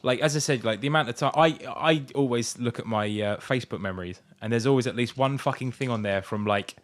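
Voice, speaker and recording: A laid-back man chatting as a podcast co-host, in a voice of ordinary pitch. He fills his talk with "like" and swears constantly, in a relaxed, easygoing way. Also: fast talker. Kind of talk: casual chat.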